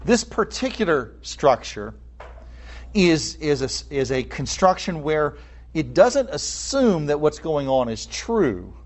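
A man preaching a sermon, explaining a text in an expressive way and acting out the people he quotes. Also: a little high, slow pace. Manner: explanatory, with asides and fillers. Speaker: pastor.

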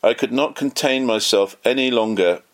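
A man reading a memoir aloud in an earnest, measured way, lightly voicing the quoted lines. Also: medium pitch. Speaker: audiobook narrator.

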